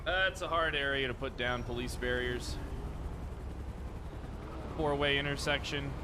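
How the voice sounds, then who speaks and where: A man's voice: mid-range voice, fairly even intonation, unhurried. A man playing a police officer in a game roleplay, brash and crude, joking casually. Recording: game sirens and traffic behind voice. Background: police sirens and vehicles.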